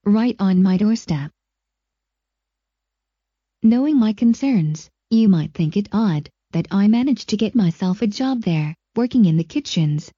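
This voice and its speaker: Dark, husky synthetic woman's voice. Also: medium pitch, animated, measured pace, no room sound, dull audio. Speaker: text-to-speech story reader. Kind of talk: scripted first-person story reading.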